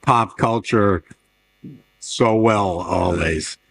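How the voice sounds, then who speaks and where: A middle-aged man interviewing on a casual panel, asking quick questions and dropping wry, dry asides. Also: on the low side, creaky.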